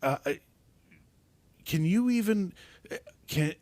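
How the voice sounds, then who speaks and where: A man's voice: high voice, animated, takes it slowly, a little mellow, no echo. A middle-aged man hosting a podcast, ranting angrily and swearing constantly, sometimes tripping over his words. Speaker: podcast host. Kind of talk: profane ranting monologue.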